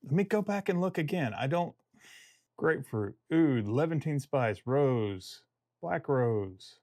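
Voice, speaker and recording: A man's voice: mid-range voice, lively intonation, slow, a little mellow, dry recording, clean studio sound. A man giving a casual fragrance review vlog. He talks in a chatty, rambling way and jokes at his own expense.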